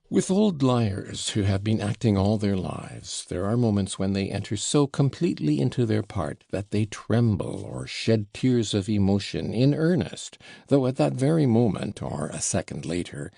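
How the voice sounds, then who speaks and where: A man narrating a classic novel in a measured, deliberate reading. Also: sits low, vocal fry, mellow, no room sound, studio quality. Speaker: audiobook narrator.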